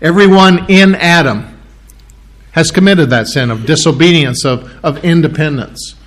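A middle-aged man preaching an expository sermon to his congregation, halting often and clearing his throat. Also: fairly high pitch. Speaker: pastor.

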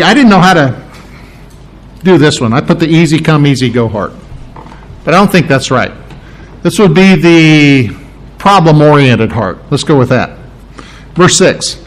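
A pastor delivers a sermon, walking his listeners through verses and hammering key words through repetition. His voice sits a little high for a man and swings widely up and down as he stresses each point. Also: poor audio. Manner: preaching with emphatic repetition, explaining Greek terms.

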